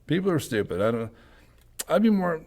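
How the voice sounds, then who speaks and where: A man's voice: a little high, big pitch swings, a little fast, a loud crowd. Male podcast host, casual and profane, acts out the people in his stories. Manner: profane storyteller, acts out quotes. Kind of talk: casual chat.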